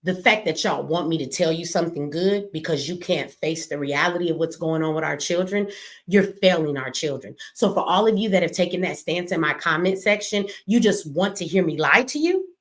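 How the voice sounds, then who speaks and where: A woman's voice: lowish voice, a little fast. A middle-aged woman giving blunt, profane, impassioned commentary on a livestream, preaching at her audience. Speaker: streamer and commentator.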